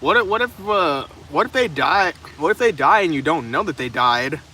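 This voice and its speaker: A young man answers his viewers' comments during a rainy live stream from his car's open trunk. His voice is a little high, expressive, bright, and forceful at a normal pace, and his chatter is profane and rambling, often stumbling into restarts. The background carries faint rain and passing traffic.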